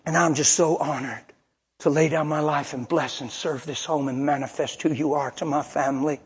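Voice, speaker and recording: A man's voice: on the high side, fairly even intonation, normal speed, slight background noise. A male preacher delivering a sermon in a folksy, colloquial and emphatic storytelling manner.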